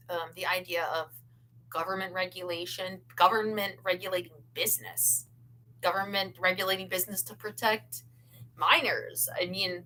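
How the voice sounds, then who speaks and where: A woman's voice: mid-range voice, sharp tone, rough recording. A woman co-hosting a casual chat, talking with lots of fillers and breaking into frequent laughter. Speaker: podcast co-host.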